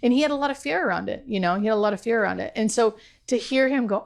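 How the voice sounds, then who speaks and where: Woman, interview guest, earnest, heartfelt, casual filler words, mid-pitched voice. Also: fast, creaky, hardly any pauses. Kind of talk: emotional personal storytelling in an interview.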